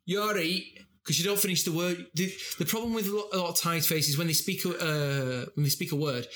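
A man's voice: on the high side, fast talker, fairly bright tone. A man with a Yorkshire accent chatting casually, rambling through stories with lots of restarts. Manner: rambling, with many restarts and tangents. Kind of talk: casual chat. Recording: roomy echo.

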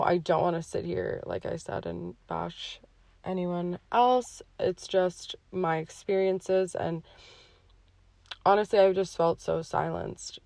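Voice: medium pitch, creaky, darkish tone, dry recording. A podcast host speaking in a heartfelt, emotional personal monologue, with many fillers along the way.

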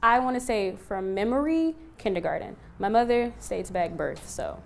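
A woman, a singer invited as a guest, giving short, relaxed answers in a casual interview. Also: mid-range voice, moderate pace, gravelly, slight background noise.

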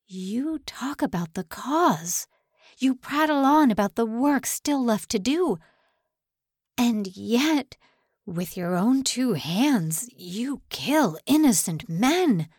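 A woman's voice: medium pitch, animated, takes it slowly, husky, no echo, studio quality. A woman narrator voicing a shaken young male officer who speaks in a strained, tearful, accusing way. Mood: anguished.

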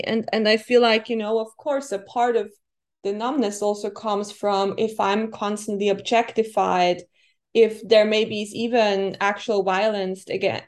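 A woman coach, a guest on a podcast, speaking in a thoughtful, reflective way with occasional soft fillers. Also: mid-range voice. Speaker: guest, feminine embodiment coach. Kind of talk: conversational podcast interview.

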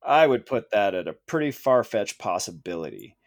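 A man's voice: fairly low pitch, sing-song, normal speed, gravelly. A man co-hosting a podcast in casual chat, joking and profane with rambling asides. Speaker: podcast co-host.

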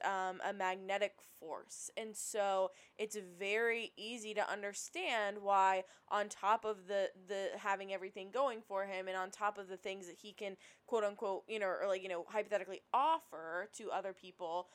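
A woman co-hosting a podcast, telling stories in a chatty, animated way full of "like". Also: medium pitch, normal speed, few pauses. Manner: chatty and animated, many likes. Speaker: podcast co-host. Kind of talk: casual film discussion.

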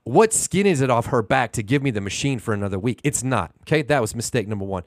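A man's voice: medium pitch, animated, quick pace, hardly any pauses, dry recording. A man in his thirties co-hosting a casual podcast, telling a long, indignant story full of rhetorical questions. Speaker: podcast co-host.

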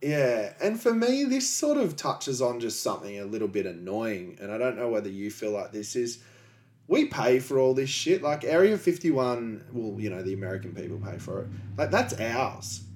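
A man co-hosts a casual podcast. He sounds enthusiastic and lightly sarcastic. His voice sits at an ordinary middle pitch. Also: sing-song, normal speed, darkish tone. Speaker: podcast co-host.

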